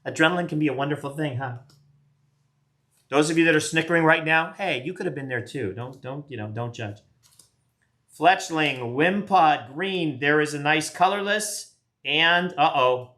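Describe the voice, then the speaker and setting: During a live box break, a man in his late fifties opens trading card packs at a moderate pace, his voice on the high side with a sharp tone. He keeps up a rambling, casual, self-deprecating patter as a card collector.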